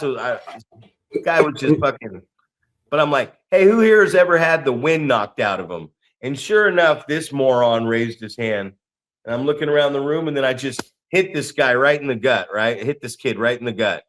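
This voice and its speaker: A man's voice: mid-range voice, normal speed, a bit bright. A man co-hosting a podcast and training wrestlers, telling stories in a blunt, profane way. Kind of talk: casual profane podcast chat.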